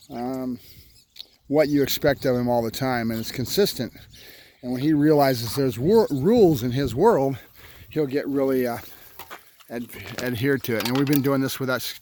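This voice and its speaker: A man's voice: medium pitch, normal speed, a little mellow, a little hiss or hum. A man who trains dogs, talking casually while he walks his puppy through a morning routine and gives it short firm commands. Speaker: dog trainer. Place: home and yard, moving between in and out of doors.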